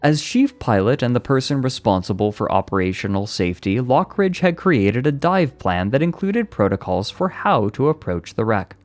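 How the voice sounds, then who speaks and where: A man with a fairly low voice streams casually, reading an article aloud and cutting in with rambling, profane asides. Faint music plays softly underneath him. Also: dry recording. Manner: profane, rambling asides between read passages.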